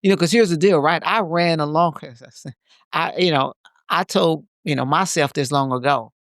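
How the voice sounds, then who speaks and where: A man's voice: fairly high pitch, normal speed, fairly bright tone, no room sound. Emphatic man, dry close sound. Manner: emphatic, repeats phrases for stress. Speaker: podcast co-host. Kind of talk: reflective casual conversation.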